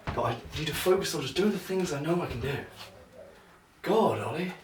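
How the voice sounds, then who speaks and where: A young man vlogging casually while he practises juggling, thinking out loud in a rambling, self-mocking way. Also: on the high side, fast. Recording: echoey room, mic at a distance, noisy.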